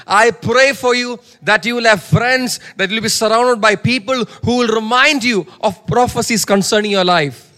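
A high-voiced male preacher delivers a sermon with emphasis. He repeats key phrases and calls on listeners to say words back to him. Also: normal speed, bright, forceful tone. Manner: emphatic, repeats lines, calls for audience response.

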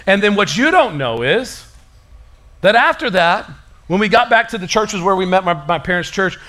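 A playful young woman hams up a story of old heartbreak, her mock-tearful voice pitched high and loud. She overplays her sorrow to tease the man she is talking to, as a man acts her out in a sermon. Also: lively intonation, normal speed, heavily acted. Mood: mock-dramatic.

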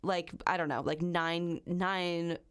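A woman's voice: lowish voice, steady tone, takes it slowly, clear, resonant tone. A woman hosting a true crime podcast, reading a long passage aloud and then chatting casually, swearing freely. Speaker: podcast host.

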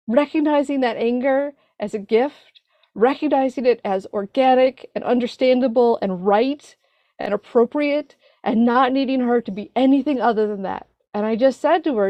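A woman sharing personal feelings at a recovery meeting, earnest and halting as she searches for words. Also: fairly high pitch, no room sound, highs cut off. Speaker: recovery group speaker.

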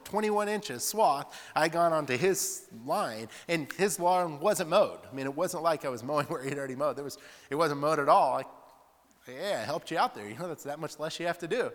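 A male preacher giving a sermon in a chatty, storytelling way, often laughing and tossing in "like" asides. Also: medium pitch. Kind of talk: sermon with personal stories. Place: church hall. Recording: long reverb in church hall.

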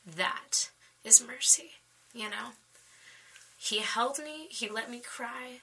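Bright-voiced woman telling an emotional story. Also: fairly high pitch, takes it slowly, pauses often, breathy edge, poor audio. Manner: animated, laughs often, emotional storytelling. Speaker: guest sharing her faith story. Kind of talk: personal faith testimony in conversation.

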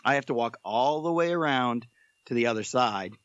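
A man guest on a podcast telling a story in a casual, animated, joking way. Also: mid-range voice, moderate pace, no echo, dull audio.

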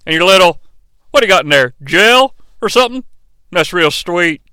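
This is a crude, cocky tough guy, put on by a man who drawls his insults with plenty of swagger. The voice sits high and bright, and the tone is smooth. The recording is dry and close. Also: expressive, normal speed, no echo. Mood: taunting. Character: gruff brash male wrestler-turned-referee, profane.

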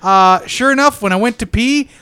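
A man voicing a syrup-guzzling Canadian man with a put-on Canadian accent, telling a rambling, deadpan, absurd story as a podcast comedy bit. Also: very high-pitched, moderate pace, clear, resonant tone, pitched above the performer's own voice. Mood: goofy.

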